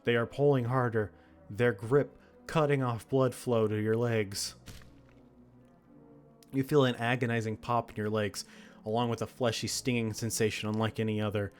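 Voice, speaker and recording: A man's voice: medium pitch, flat delivery, normal speed, faint music behind. A man reading a text horror game aloud, with dramatic narration broken by laughs and reactions. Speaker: game streamer.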